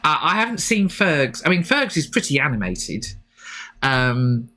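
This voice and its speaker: A woman co-hosts a rugby podcast in an enthusiastic, rambling chat full of "um"s and restarts. Her voice swings widely in pitch. It has a bright, forceful edge. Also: sing-song, measured pace. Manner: enthusiastic, rambling with many fillers. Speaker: podcast co-host and rugby photographer. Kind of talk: excited casual chat about rugby.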